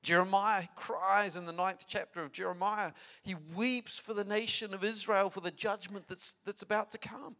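Guy preaching, pretty high voice, chatty and emphatic, repeats himself a lot. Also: fairly even intonation, normal speed, few pauses, sharp tone. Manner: conversational, emphatic, frequent repeats and asides. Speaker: pastor. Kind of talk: sermon.

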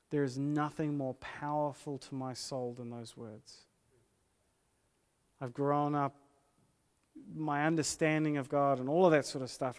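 A man preaching a sermon as pastor, earnest and emphatic, repeating key phrases slowly for weight. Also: medium pitch, darkish tone. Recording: long hall reverb.

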